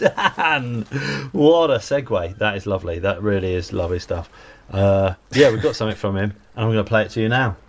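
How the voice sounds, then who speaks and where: Low-voiced podcast co-host. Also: male voice, animated, brisk. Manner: easygoing, laughing agreement. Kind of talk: casual chat.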